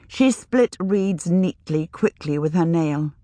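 A woman reading a novel aloud in a calm, measured storytelling manner. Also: fairly low pitch, no echo, clean studio sound. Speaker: narrator. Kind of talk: audiobook narration.

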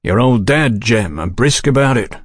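A man voicing a brisk, businesslike Victorian police detective. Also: mid-range voice, expressive, no echo, clean studio sound, natural voice.

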